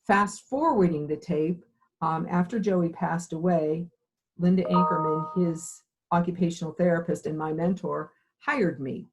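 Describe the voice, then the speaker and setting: A woman's voice: lowish voice, measured pace, slight background noise, rough recording. A middle-aged woman, an occupational therapy program director, telling her career story in an interview and acting out the dialogue as she goes.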